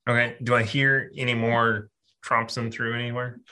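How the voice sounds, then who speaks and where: A man's voice: medium pitch, little pitch movement, normal speed, bright, forceful tone. A man playing a tabletop game, deciding his moves hesitantly. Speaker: player. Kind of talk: tabletop play.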